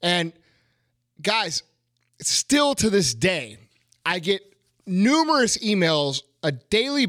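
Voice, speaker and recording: Swearing and emphatic, a middle-aged man on his podcast launches into a blunt motivational rant full of repetition. His voice is high and a bit bright, recorded at studio quality with no echo.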